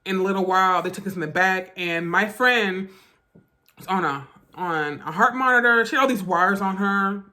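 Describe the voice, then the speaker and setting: A woman vlogger with a medium-pitched voice tells a personal story in a storytime vlog. She's halting and emotional, restarting often and speaking in quick bursts that trail off softly.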